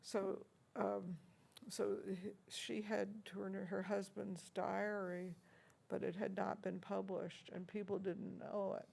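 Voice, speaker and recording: A medium-pitched, darkish, gravelly, husky voice comes from an older woman organist being interviewed in a university room. She recalls past encounters slowly and with flat delivery, yet stays chatty and anecdotal, laughing often between stories and using many fillers.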